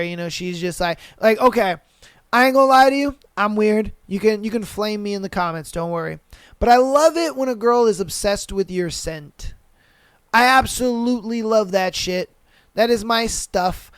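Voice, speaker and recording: A man hosting a podcast, chatting crudely and repeating himself, his voice hoarse. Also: high-pitched, fairly bright tone, dry recording. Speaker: podcast host. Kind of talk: casual chat reading listener stories.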